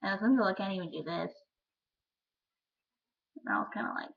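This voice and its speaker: A teenage girl rambling in a casual vlog chat, full of "like" and quick asides. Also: mid-range voice, vocal fry, slightly rough. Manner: chatty, rambling, lots of "like". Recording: lo-fi webcam audio.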